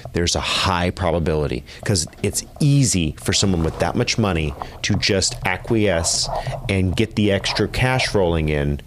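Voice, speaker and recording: A man co-hosting a podcast, giving blunt opinions and repeating points for emphasis. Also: sits low. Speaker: podcast co-host.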